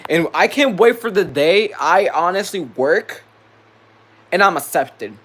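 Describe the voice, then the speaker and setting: A vlogger vents angrily to the camera, profane and heated, repeating himself as he rants. His voice is high-pitched, animated, and a bit bright, at a measured pace.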